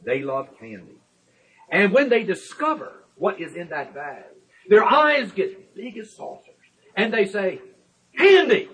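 A man delivers an expository sermon, explaining each point step by step. His voice is husky and sits a little high, with big swings of pitch as he leans on the key words. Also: big pitch swings, bright, forceful tone, low-quality recording. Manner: deliberate and emphatic, slowing down to stress key words; explains step by step with everyday illustrations. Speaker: Bible teacher.

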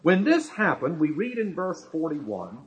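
A man's voice: a little high, wildly swooping pitch, a little slow, poor audio. A man preaching a sermon, talking emphatically, repeating key points and asking rhetorical questions.

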